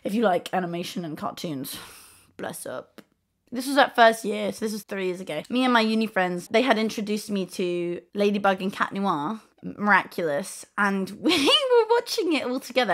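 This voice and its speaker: A woman's voice: mid-range voice, a bit bright. Chatty young woman rambling. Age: 20s. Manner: chatty, jumps between tangents, swears casually; slips into playful put-on accents. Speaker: host. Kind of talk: rambling casual monologue.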